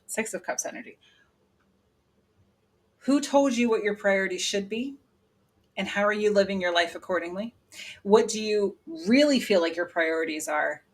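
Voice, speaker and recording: A woman giving a casual, lively tarot reading to her viewers, laughing often and breaking into loud exclamations. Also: medium pitch. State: sweating from channeling. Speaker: tarot reader.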